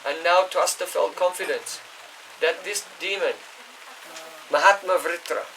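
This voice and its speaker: A man's voice: high voice, unhurried, gravelly, pushed and bright, slight background noise. A man giving a scripture class, explaining at length, chanting Sanskrit verses and checking in with his listeners. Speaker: spiritual teacher. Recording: voice distant from the mic.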